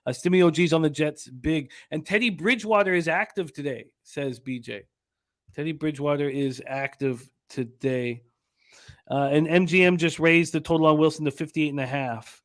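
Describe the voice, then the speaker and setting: Guy hosting a betting picks show, kinda higher voice, quick and upbeat. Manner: brisk, reads out picks and chat comments. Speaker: sports betting show host. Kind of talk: sports betting radio talk.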